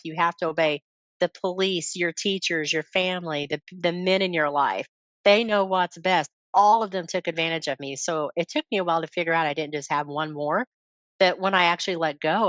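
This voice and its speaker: A woman's voice: fairly low pitch, a bit bright, dry recording. A woman speaking as a podcast guest, telling her story openly and reflectively. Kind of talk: candid personal interview talk.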